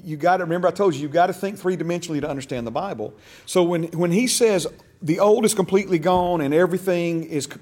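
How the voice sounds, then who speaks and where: A man with a fairly high, darkish-toned voice teaches a church discipleship class in a church classroom that is also streamed online. He stresses key words and puts questions to the class.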